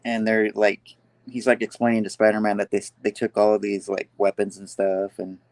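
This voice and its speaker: A man's voice: fairly low pitch, monotone, fairly quick, no echo. A man recapping a comic book issue in casual chat, rambling with lots of "like" and "you know.".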